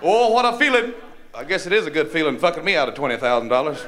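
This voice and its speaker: A man with a North Carolina Southern accent doing a crude stand-up set, with a rough, profane, drawling punchline delivery. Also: on the high side, animated, quick pace, a bit bright. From North Carolina, USA. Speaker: stand-up comedian. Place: comedy club stage. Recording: live club with crowd laughter and noise.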